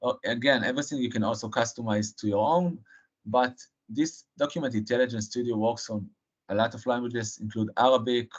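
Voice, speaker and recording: A man presenting a live technical software demo, halting and filling pauses with frequent uh and um. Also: medium pitch, fairly even intonation. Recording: dull lo-fi stream audio.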